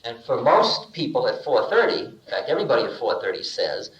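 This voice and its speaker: An older man giving a relaxed spiritual talk, telling stories and acting out bits of dialogue with humor, in an archival lecture recording. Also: medium pitch, fairly quick, few pauses, reverberant, highs cut off. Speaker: spiritual teacher.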